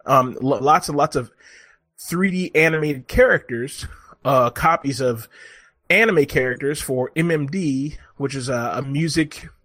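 A man co-hosting a podcast in casual chat, animated and rambling, laughing often. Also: mid-range voice, no echo. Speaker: podcast co-host.

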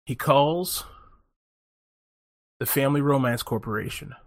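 A man telling a long story in a profane, animated way, often laughing as he talks in casual chat. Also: medium pitch, unhurried, dry recording, clean studio sound.

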